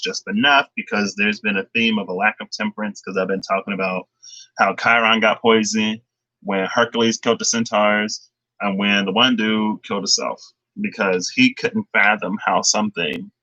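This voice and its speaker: A man talks through a tarot reading in a loose, chatty way, thinking aloud and drifting into lively retellings. His voice sits a little low but comes across bright and forceful. The sound is close and dry, with no room around it. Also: no echo, lo-fi sound. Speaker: tarot reader.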